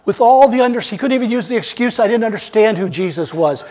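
A man preaching a sermon, retelling scripture scenes as stories and swinging between loud and soft. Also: high-pitched, lively intonation, quick pace. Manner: storytelling, acting out scripture scenes with big swings in loudness.

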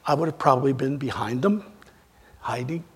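A man preaching a sermon, retelling scripture scenes as stories and swinging between loud and soft. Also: medium pitch, expressive, normal speed, breathy edge. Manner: storytelling, acting out scripture scenes with big swings in loudness.

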